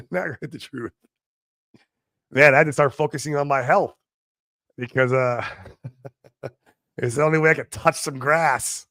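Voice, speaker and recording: A man hosting a casual livestream, talking brashly and excitedly, swearing and answering viewers in the chat. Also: a little high, no echo, studio quality. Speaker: livestream host.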